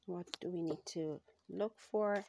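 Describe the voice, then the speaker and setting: Slow, gravelly-voiced woman reading tarot. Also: fairly low pitch, heavy background noise. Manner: slow, thoughtful, with frequent pauses and fillers. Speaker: tarot channel host. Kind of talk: casual tarot card reading.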